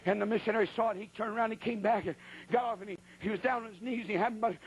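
A man's voice: sits high, steady tone, rapid-fire, slightly rough, dull audio. A man preaching a sermon who tells a funny story about his own misfortunes in a folksy, colloquial way with sudden exclamations.

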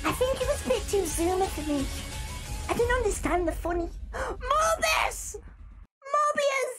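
A woman streamer chatting loudly and excitably with her viewers, swearing often, with music playing behind. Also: very high-pitched, a little slow. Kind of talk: casual livestream chat.

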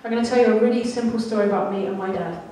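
Racing along in a dark-toned, mid-range voice, a church speaker recounts a frank, self-mocking tale of her childhood during a sermon. The distant mic in an echoey hall also catches a little hiss or hum.

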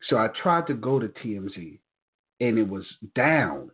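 Husky-voiced New man over a phone line. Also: on the low side, normal speed. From New York. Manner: animated, profane, acts out quoted voices. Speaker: podcast co-host. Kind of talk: casual storytelling chat.

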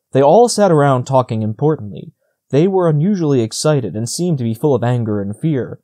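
A man narrating a storybook audiobook in a steady, measured reading. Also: mid-range voice.

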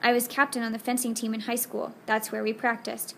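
A woman voicing a pale, gentle young man who speaks low and confidingly to reassure. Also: level tone, a little fast.

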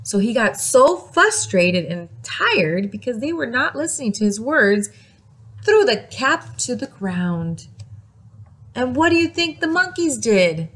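A woman teacher reads a picture book aloud to small children, gasping for effect and pausing to ask them questions. Her voice sits fairly high and leaps all over in pitch, taken at an unhurried, deliberate pace. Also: big pitch swings, fairly bright tone, slightly rough. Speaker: preschool teacher.

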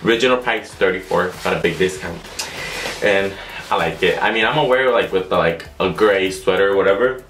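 Young male vlogger, lowish voice, rambling and chatty, echoey room. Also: brisk, a bit bright, a little hiss or hum. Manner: rambling, chatty, lots of fillers and restarts. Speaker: YouTube vlogger. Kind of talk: casual storytelling vlog.

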